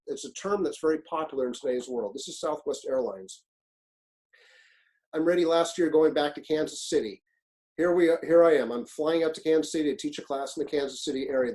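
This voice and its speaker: Poor audio captures a male fire officer with a fairly high pitch presenting his own webinar as a fire service leadership instructor. Blunt and profane, he tells stories with lots of animation and performs the quotes.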